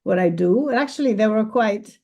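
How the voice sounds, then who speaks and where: Speaking a little fast in a mid-range, darkish voice, a professional photographer gives an easygoing talk and fields questions at an event space. She comes across as chatty and excited, laughing often.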